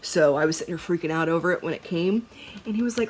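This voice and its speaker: A woman's voice: fairly low pitch, animated, rapid-fire, a little hiss or hum. A young woman chatting casually about her stitching, laughing often and swearing now and then. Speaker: cross-stitch vlogger.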